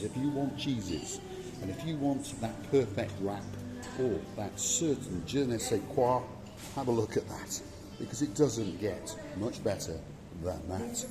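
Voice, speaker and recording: Chatty man giving a hotel tour. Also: lowish voice. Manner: chatty, playful, theatrical. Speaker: vlog host. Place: outdoors and indoors at a hotel.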